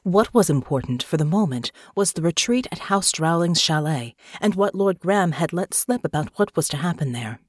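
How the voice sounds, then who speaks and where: An audiobook narrator, a woman with a low pitch for a woman, reads scripted narration in a measured, even storytelling voice. The recording is dry and close, with no room sound.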